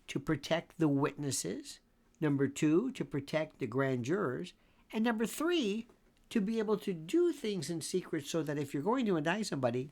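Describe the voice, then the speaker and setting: Gravelly, animated older male legal commentator. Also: a little high. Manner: emphatic, repeats phrases, swings between exclamation and muttering. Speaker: legal commentator and show host. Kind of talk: opinionated commentary.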